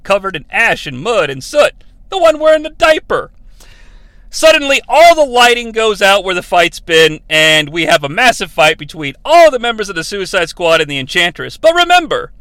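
Man, sarcastic, profane, comedic movie recap, lively swooping pitch, dry close sound. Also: no echo. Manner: sarcastic, profane, animated retelling. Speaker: podcast host.

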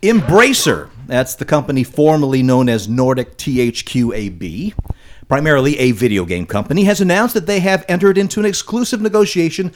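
A man's voice: fairly high pitch, expressive, a little fast. A man hosting a podcast, introducing segments and reading news playfully. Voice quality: playful, announcer-like segment reads. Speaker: podcast host.

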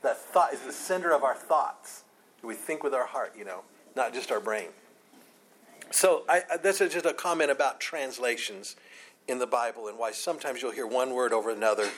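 A man's voice: mid-range voice, moderate pace, a bit bright, a little hiss or hum, poor audio. A man leading a conversational Bible study, earnest, often restarting and repeating words as he explains a scripture passage. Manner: reads scripture aloud. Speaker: Bible teacher.

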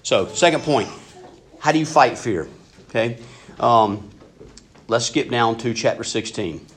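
Man, pastor, sermon, earnest, conversational, mid-pitched, loud-to-hushed swings. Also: expressive, unhurried.

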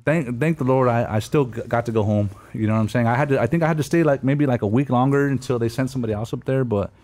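A man's voice: mid-range voice, fast talker, a little mellow. A man in his thirties casually telling stories, heavy with slang and swearing, laughing as he goes. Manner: slangy, profane, storytelling with laughs. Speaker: guest telling war stories. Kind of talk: casual podcast chat.

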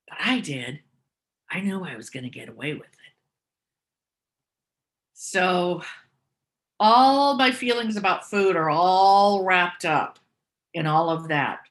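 A woman's voice: lowish voice, lively intonation, slow, long pauses. A woman candidly telling personal stories and reflecting on them as she goes. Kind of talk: personal storytelling.

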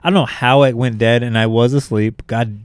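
A man's voice: medium pitch, fairly even intonation, fairly quick, clear, resonant tone, no echo. Young man rambling in dry, casual podcast chat. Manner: profane, rambling storyteller, heavy "like" filler. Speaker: podcast co-host.

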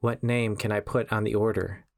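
A man voicing an emotionless young female barista who speaks in a deadpan, flat monotone. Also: lowish voice, moderate pace, creaky, no room sound, clean studio sound.

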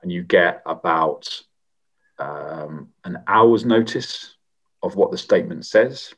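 A middle-aged man, a former member of parliament, answering interview questions in a measured, reflective way with frequent pauses and restarts. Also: deep voice, breathy edge. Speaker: former MP, guest.

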